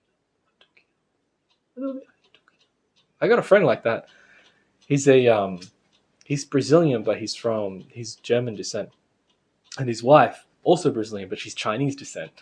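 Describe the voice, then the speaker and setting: A man's voice: fairly low pitch, darkish tone, breathy edge. A man giving a casual spiritual lecture to a class, chatty and anecdotal, often laughing.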